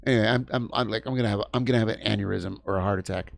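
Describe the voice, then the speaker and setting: A man's voice: fairly low pitch, fairly even intonation, rapid-fire, gravelly, dry recording, clean studio sound. A man in his fifties hosting a livestream, ranting heatedly with lots of swearing and stumbling restarts. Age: 50s. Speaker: livestream host. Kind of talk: heated casual stream chat. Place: home in New York.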